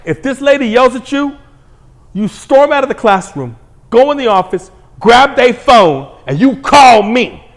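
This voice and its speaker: A man voicing a loud, protective, confrontational mother in a talk monologue. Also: extremely high pitch, sing-song, unhurried, voice pushed up, heavily acted. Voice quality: shouting, bossy.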